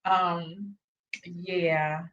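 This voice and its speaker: A woman's voice: on the low side, level tone, very slow, a bit bright, far from the mic, muffled recording, slight background noise. A woman hosting a reaction channel from her home office, sassy and mocking, talking straight to her viewers. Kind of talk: casual reaction commentary.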